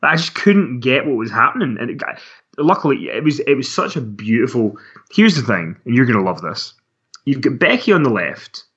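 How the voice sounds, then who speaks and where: Husky man chatting, lo-fi. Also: mid-range voice, a bit bright. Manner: rambling, self-mocking, laughs often. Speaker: wrestling podcast co-host. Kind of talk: casual chat. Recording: dull lo-fi sound.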